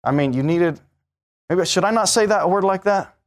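Pastor guy preaching, kinda high voice, big loud bursts then drops low. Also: moderate pace. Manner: emphatic preaching that swings from loud peaks to low asides. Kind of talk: sermon.

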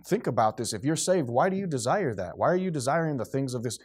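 A man's voice: mid-range voice, big pitch swings, quick pace, a little mellow, husky. A man preaching a sermon, building up with rhetorical questions and acted-out quotes. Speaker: pastor.

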